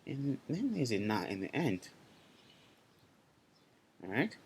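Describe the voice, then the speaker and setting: A man's voice: mid-range voice, very animated, slow pace, darkish tone, a little hiss or hum. A man teaching a language class online, talking loosely, repeating himself and checking in with his students.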